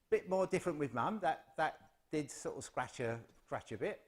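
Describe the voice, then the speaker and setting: An English man with an expressive, fast voice on the high side gives a chatty address at a spiritualist service. His informal talk to the congregation is humorous and self-deprecating.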